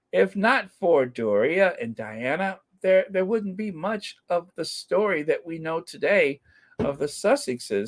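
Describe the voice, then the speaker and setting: A middle-aged channel host chatting casually on a livestream, playful and given to mock outrage. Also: medium pitch.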